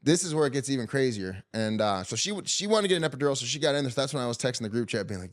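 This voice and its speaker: A man's voice: medium pitch, lively intonation, rapid-fire, a little hiss or hum. A man hosting a podcast, telling a story in a loose, joking casual chat. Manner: loose and joking, heavy use of "like". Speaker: podcast host.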